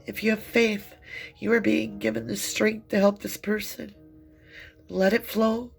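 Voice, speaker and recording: A woman's voice: mid-range voice, flat delivery, creaky, husky, faint music behind. A woman giving an emotional tarot reading, crying and speaking in a heartfelt, soothing way. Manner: tearful, heartfelt, slow and soothing. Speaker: tarot reader.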